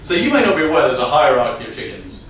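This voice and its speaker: A man telling an improvised comic story on stage, energetic and often laughing as he riffs on audience prompts. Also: mid-range voice, fast talker. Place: comedy venue stage. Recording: echoey room from far off, faint noise.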